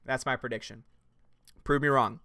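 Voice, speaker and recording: A man hosting a livestream, reading chat messages and answering in a casual, animated way with loud jokey outbursts. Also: medium pitch, normal speed, no echo, studio quality. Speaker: YouTube channel host reading live chat.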